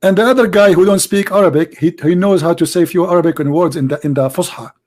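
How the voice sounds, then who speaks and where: A man with a hoarse voice who debates religion in a sarcastic, mocking way in an online commentary video. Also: high voice, fast talker, darkish tone.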